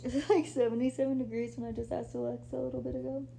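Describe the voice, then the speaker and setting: Young woman, casual livestream host, laid-back and chatty, mellow tone with lots of vocal fry, faint hum behind. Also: high voice, little pitch movement, very fast. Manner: chatty, laid-back, says "like" and "y'all" a lot. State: pregnant, a little out of breath. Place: her apartment, lying down.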